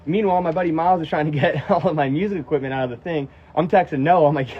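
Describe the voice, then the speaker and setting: A young man from the United States talks through a livestream Q&A, swearing freely and telling stories with worked-up energy. His voice sits a little high for a man, and the sound is dull and lo-fi, like a phone mic. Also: very fast, hardly any pauses, slightly rough. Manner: profane, animated storytelling, answering chat questions. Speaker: musician on a livestream. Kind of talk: casual livestream Q&A.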